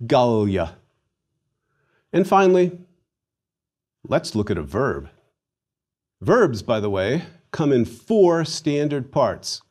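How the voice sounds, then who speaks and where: A middle-aged man delivers a Latin lesson at an unhurried, measured pace. He drills pronunciation with deliberate, theatrical emphasis on each Latin word, with a voice of middling pitch. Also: darkish tone. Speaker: Latin teacher. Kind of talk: recorded language lesson.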